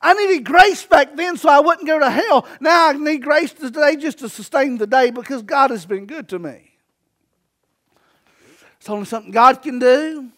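A pastor in his forties with a strikingly high voice, preaching with emphasis. He builds his lines into shouts and drives each point home. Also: moderate pace. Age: 40s. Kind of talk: sermon.

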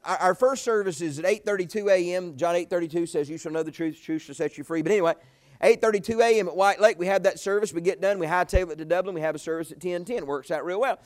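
Fast-talking preacher man. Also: high-pitched. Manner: folksy storytelling, swinging from loud exclamations to quiet asides. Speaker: pastor. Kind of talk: sermon.

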